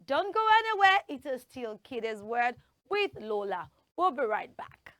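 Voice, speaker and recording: This children's TV host, a woman with a Nigerian English accent, is very animated in the studio. Her voice is on the high side and a bit bright at a normal pace, with a little hiss or hum. She drills words for kids to repeat, teaching pronunciation in an upbeat, coaxing manner.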